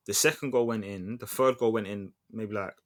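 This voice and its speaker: A man's voice: on the low side, fairly even intonation, moderate pace. Slangy, chatty football podcast man. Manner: chatty storyteller, slangy, restarts often. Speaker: podcast co-host. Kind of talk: casual football chat.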